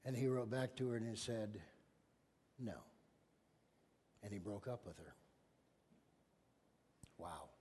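A man's voice: on the low side, normal speed, long pauses, breathy edge, in a large hall. A middle-aged man preaching a sermon as pastor, telling stories animatedly and acting out the voices of people he quotes. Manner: animated storytelling with big swings in loudness.

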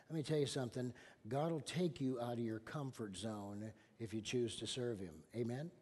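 In a big-room sound, a middle-aged pastor with a medium-pitched voice speaks at normal speed through his sermon. He tells stories with animation, mimicking the voices of those he quotes and swinging sharply between loud and soft.

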